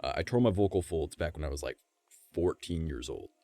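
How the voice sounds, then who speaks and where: A man with a raspy voice chatting casually on a live stream, swearing freely and demonstrating how his voice moves between low and high. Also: animated, a little fast, mellow.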